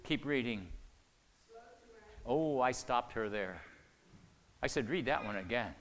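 A man preaching a sermon, telling a story, swinging between hushed asides and loud, emphatic lines. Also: mid-range voice, expressive, slow pace. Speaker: pastor. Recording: long reverb of a large hall.

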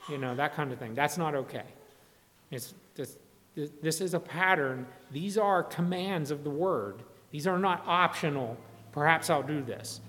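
A man's voice: fairly high pitch, normal speed, a bit bright. A man preaching a sermon in a conversational way, often restarting and acting out quotes. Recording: long hall reverb.

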